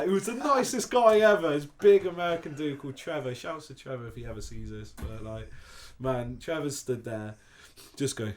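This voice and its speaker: A man's voice: on the high side, normal speed, few pauses, slight background noise. A man from England telling a long, sweary anecdote as a DJ guest on a casual chat show. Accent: Bristol English. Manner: sweary, animated, acts out quoted voices.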